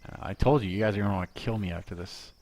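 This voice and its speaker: In a lowish voice and at a racing pace, a man teaches a relaxed software lesson from home. He chats and cracks jokes as he works, often talking to himself.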